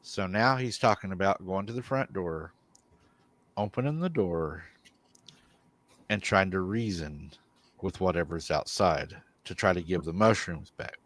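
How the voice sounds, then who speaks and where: A man hosting a live paranormal show, retelling a viewer's encounter in an animated way and chuckling often. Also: low voice, unhurried, pauses often, no room sound.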